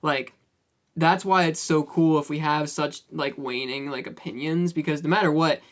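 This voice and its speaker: Guy with kinda high voice, jokey and swears a lot on a chill podcast. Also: moderate pace. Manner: lively, joking, swears freely. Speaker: podcast co-host. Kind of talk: casual chat.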